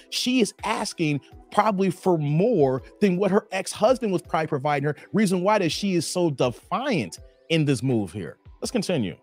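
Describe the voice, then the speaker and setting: Man, high voice, very lively pitch, preachy commentary, keeps saying "here", faint music behind. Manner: animated, preachy, repeats "here" constantly. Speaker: reaction video host. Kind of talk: commentary on a played clip.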